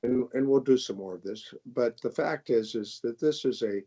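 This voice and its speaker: An older man, a congressman, speaking in a measured way on a panel discussion and often repeating words as he thinks. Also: mid-range voice, mellow, husky. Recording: dull lo-fi sound.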